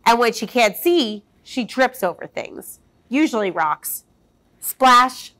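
A woman reads a children's storybook aloud in an expressive, sing-song way. She takes her time, and her fairly high voice leaps and falls with lively swings. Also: unhurried.

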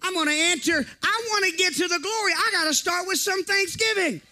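Fervent high-voiced male preacher. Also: fairly quick, pushed and bright. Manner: fervent, repetitive exhortation to the congregation. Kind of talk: sermon.

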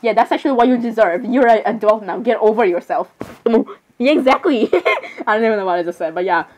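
A young woman with a somewhat high voice chats through a game, giggling often and stumbling over her words. She rambles casually, filling her talk with "literally" and "I'm sorry" asides as she reacts. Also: fast talker, darkish tone. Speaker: gamer. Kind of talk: casual gameplay commentary.

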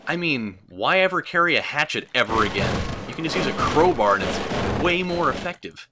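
A young man hosting a let's play, giving sarcastic, excitable gameplay commentary with frequent swearing. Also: fairly high pitch, normal speed, loud music behind the voice.

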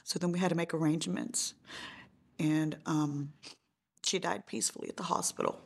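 Woman, middle-aged, bereaved mother, low pitch, creaky, halting interview testimony. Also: steady tone. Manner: halting, many fillers, voice rising and breaking in grief.

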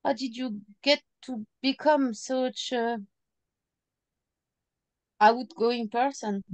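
Woman interviewer, high and smooth, dry sound, careful. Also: steady tone, slow pace, no echo. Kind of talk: casual video-call interview.

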